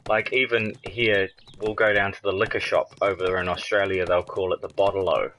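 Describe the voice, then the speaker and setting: A man's voice: deep voice, pushed and bright, a little hiss or hum, rough recording. A man with a New Zealand accent in casual online game chat, laid-back and chuckling, swearing now and then. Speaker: gamer chatting in an online party.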